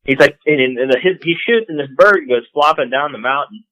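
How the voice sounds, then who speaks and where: A man's voice: a little high, brisk, no echo, poor audio. A man casually telling hunting stories as a podcast guest, laughing often as he talks. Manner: laughing, animated storyteller. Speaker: guest, call maker. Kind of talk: casual storytelling.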